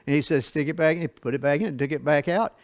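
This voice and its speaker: A man teaching a Bible study lesson, reading scripture slowly and explaining it in a folksy way with asides and chuckles. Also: fairly high pitch, dry recording.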